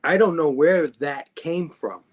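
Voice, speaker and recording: A man appearing as a guest in a casual conversation, talking in a laid-back, agreeable way and often chiming in with quick agreement. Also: on the high side. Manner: laid-back, agreeable, frequent "yeah" and laughter.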